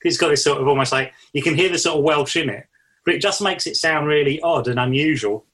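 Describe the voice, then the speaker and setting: A man's voice: a little high, fast, fairly bright tone, breathy edge. A man co-hosting a casual chat, talking keenly about films with lots of fillers. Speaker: podcast co-host.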